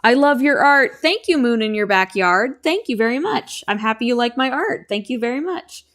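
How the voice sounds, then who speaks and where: A woman's voice: on the high side, expressive, normal speed, a bit bright. A young woman streaming from home, chatting casually and rambling as she answers her chat while she draws. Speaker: streamer and animator.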